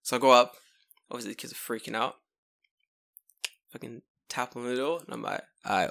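A young man with a London accent tells a story on a podcast with lively energy. His voice is bright and forceful, and he swears freely while acting out every voice in the tale. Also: mid-range voice, brisk, gravelly, pauses often. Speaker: podcast co-host. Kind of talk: casual storytelling chat.

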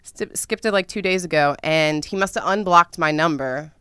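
A young woman telling a dramatic, profane story in a casual vlog, with sudden loud outbursts. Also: low-pitched, moderate pace, clear, resonant tone, dry recording, clean studio sound. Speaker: vlogger.

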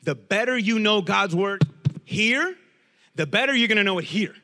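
A middle-aged man preaching a lively sermon as pastor, with joking asides and key phrases said again and again. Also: sits high, normal speed, big-room sound.

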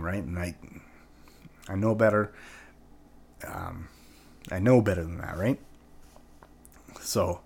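Man, lowish voice, casual storytelling, rambling, profane, lots of filler words. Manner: rambling and profane, full of "like" and "right?".

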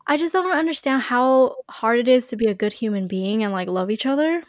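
A woman's voice: a little high, animated, normal speed, dry recording, studio quality. A young woman chatting casually on a podcast, with a lot of "like" and "you know". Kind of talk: casual chat.

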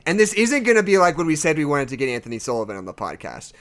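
A young woman co-hosting a podcast in casual chat, excitable, swearing freely and laughing often. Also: deep voice, quick pace. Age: young adult. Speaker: podcast co-host.

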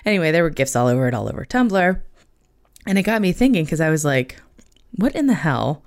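Sick, hoarse woman rambling on her podcast, low voice, lots of ups and downs, swears a bit. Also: lively intonation, fast talker. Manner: chatty, self-mocking, swears casually. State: hoarse from illness. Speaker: podcast host. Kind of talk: casual solo podcast chat.

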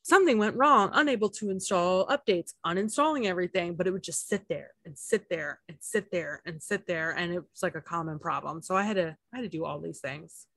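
A woman's voice: fairly low pitch, fairly quick, vocal fry, hardly any pauses, a bit bright, no room sound. A woman co-hosting a podcast, chatting casually about a reality show, laughing often and using lots of fillers. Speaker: podcast co-host.

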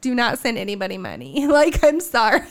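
A young woman chats through a story with an animated, laughing delivery, her voice high and smooth. She keeps it loose and conversational, with plenty of fillers. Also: fairly quick. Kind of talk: casual storytelling chat.

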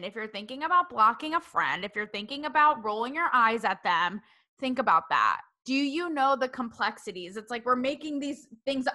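A young woman rants on her own podcast in a loose, casual monologue. Her voice sits a little high and sounds bright and forceful, and she swears freely as her exasperation builds. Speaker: podcast host.

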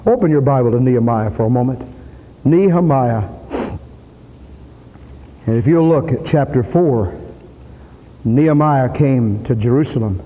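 A man preaching a sermon in a church, emphatic, repeating his points and rising to loud peaks. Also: mid-range voice, expressive, unhurried, pauses often, highs cut off. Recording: long reverb of a hall.

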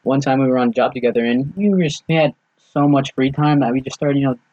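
A man's voice: mid-range voice, fast talker, darkish tone, no room sound. A young man chatting casually on a podcast, telling a story with lots of swearing and quoted dialogue. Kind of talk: casual chat. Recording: dull lo-fi dry sound.

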